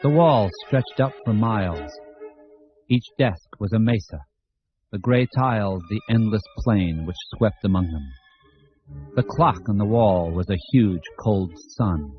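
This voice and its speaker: A man reading an audiobook in a measured storytelling style. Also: fairly low pitch, animated, faint music behind. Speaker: audiobook narrator. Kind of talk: scripted narration. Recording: dull lo-fi audio.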